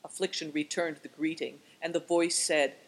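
A woman narrating a storybook in a measured, expressive reading. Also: low-pitched. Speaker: audiobook reader.

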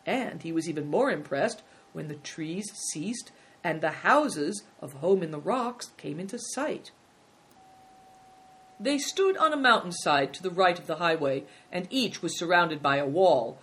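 Steady storybook reader, mid-pitched. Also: measured pace. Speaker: narrator. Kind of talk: storybook reading.

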